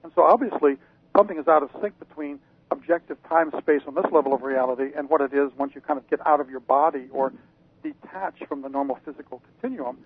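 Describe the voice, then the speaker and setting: A man's voice: a little high, fast, breathy edge. Hesitant man on a tinny phone line. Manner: hesitant, many restarts and fillers. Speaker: guest parapsychologist. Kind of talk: radio interview, reflective explanation. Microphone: phone call-in.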